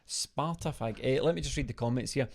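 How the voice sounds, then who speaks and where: A man's voice: mid-range voice, a little fast, creaky. A Scottish man co-hosting a live fan stream from home, joking, laughing a lot and reading out viewer comments. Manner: jokey, laughs often, Scottish slang. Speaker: podcast co-host. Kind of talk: lively live-stream banter. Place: home video call.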